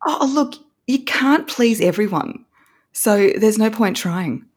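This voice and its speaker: An Australian woman, a voice coach, explaining techniques as a podcast guest in an animated way, laughing often. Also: mid-range voice, slow, breathy edge.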